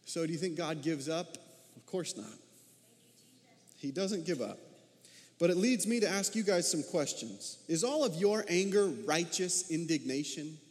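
High-voiced pastor in a reverberant hall. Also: male voice, unhurried. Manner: animated, asks the listeners many questions. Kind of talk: sermon. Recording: long reverb of a large hall.

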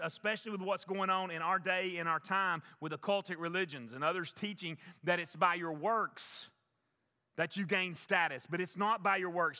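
This male pastor preaches emphatically in a church sanctuary, repeating key phrases for his congregation. His voice is high, pushed, and bright, and the recording has long church reverb.

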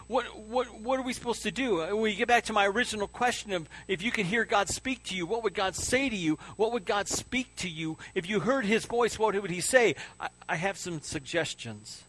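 A man, a pastor, preaching a sermon with an earnest, repetitive cadence that sinks soft and low on key words.

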